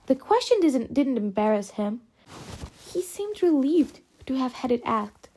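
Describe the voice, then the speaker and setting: High-voiced woman reading an audiobook. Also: very animated, unhurried, mellow. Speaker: audiobook reader. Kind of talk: scripted narration.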